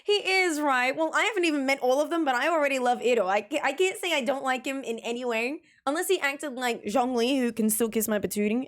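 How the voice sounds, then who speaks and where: High-voiced chatty woman streamer. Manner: chatty, emotional, giggly. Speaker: game streamer. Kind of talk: casual live-stream chat.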